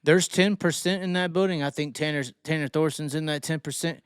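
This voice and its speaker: On a racing show livestream, a male host rants with profanity, reading chat and ridiculing fans. His voice is fairly high and smooth, with fairly even intonation and a fairly quick delivery, recorded at studio quality without room sound.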